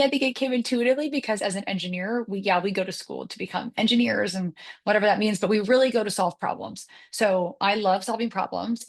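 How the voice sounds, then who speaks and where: A woman in her thirties, a guest in an interview, telling her story in a lively, conversational way and acting out the dialogue she quotes. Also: medium pitch. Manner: animated, acts out quoted dialogue. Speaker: guest, maternity leave consultant.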